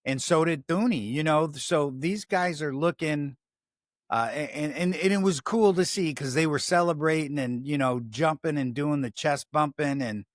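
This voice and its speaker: With a Chicago accent, a male sports podcast host rambles profanely on a casual talk show, often abandoning sentences midway. He speaks fairly high at a normal speed, and the clean studio sound has no echo.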